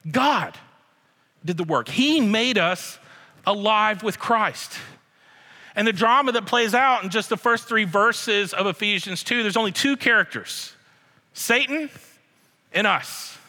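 A man delivers a sermon with a bright, forceful, somewhat high voice. He stresses his key points by slowing down and repeating them. His words ring out with a long reverb, as if filling a large church. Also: animated. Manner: emphatic, slows and repeats key phrases. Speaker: pastor.

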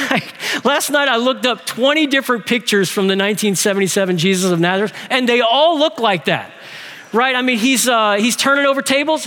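A man in his forties preaching from the pulpit, his voice sitting high for a man and carrying a long reverb through the sanctuary. He talks with humor, asks the congregation questions and keeps the tone lively. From Texas. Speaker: pastor. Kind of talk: sermon.

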